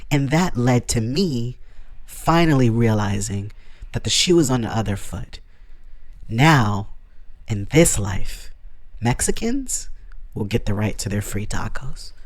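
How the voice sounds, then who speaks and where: A man's voice: mid-range voice, big pitch swings, a little slow, no room sound. A man making a reaction video, commenting in a boastful, mock-serious, sarcastic way. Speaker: YouTuber.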